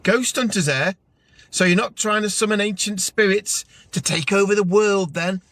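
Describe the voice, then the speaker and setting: A suspicious, none-too-bright pub regular leans in with theatrical, knowing remarks in a storybook reading, as a man voices him. The voice sits up high. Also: normal speed. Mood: scheming.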